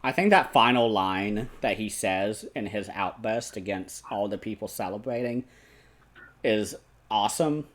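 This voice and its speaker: A man's voice: lowish voice, unhurried. A man hosting a casual film discussion, animatedly retelling scenes with frequent laughs and lots of "like". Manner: animated retelling, laughs often, many "like" fillers. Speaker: podcast host.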